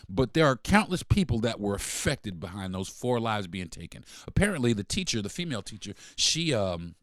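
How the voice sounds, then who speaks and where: A man's voice: mid-range voice, no room sound, clean studio sound. Heated, profane man ranting on a podcast. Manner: profane, heated, repetitive, mock-quoting others. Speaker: podcast host. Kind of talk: angry solo podcast rant.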